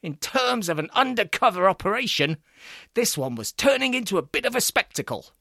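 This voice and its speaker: A man narrating a comic serial story in a deadpan, drily funny manner. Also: high voice, brisk, gravelly, no room sound, clean studio sound.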